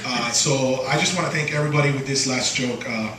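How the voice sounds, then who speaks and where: A man doing a stand-up set on a small bar stage, halting with lots of uh and restarts, and jumping high when quoting voices. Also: distant mic, background noise. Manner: halting delivery full of uh and restarts, jumps high for quoted voices. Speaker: stand-up comedian. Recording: echoey bar room recorded from afar. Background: bar crowd ambience and laughter.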